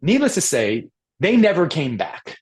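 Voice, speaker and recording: A man's voice: on the high side, wildly swooping pitch, unhurried, darkish tone. Earnest man telling coaching stories. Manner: earnest, acts out quoted voices in stories. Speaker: mental performance coach, guest. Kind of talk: conversational storytelling interview.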